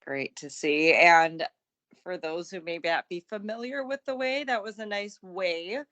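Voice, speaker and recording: Woman, podcast co-host, casual wrestling chat, easygoing, laughs a lot, fairly low pitch. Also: measured pace, fairly bright tone.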